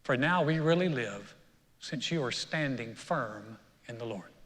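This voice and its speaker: Storytelling pastor in a reverberant church. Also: male voice, mid-range voice, animated, measured pace, fairly bright tone. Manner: storytelling preacher, builds to emphatic peaks. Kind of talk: sermon. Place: church sanctuary. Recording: long reverb of a church hall.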